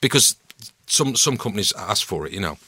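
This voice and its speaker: A middle-aged man with a Mancunian accent, telling stories as a podcast guest in a relaxed, self-mocking way. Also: fairly low pitch, a little fast, husky, no echo, studio quality. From Manchester, England. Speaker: guest actor and voice-over artist. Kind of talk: casual podcast chat.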